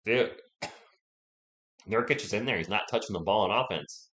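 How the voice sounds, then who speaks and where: In an echoey room, a young live stream host with a fairly low voice delivers casual play-by-play at a moderate pace. He sounds sick from a sore throat and refrains from yelling. Friendly and talkative, he answers his viewers.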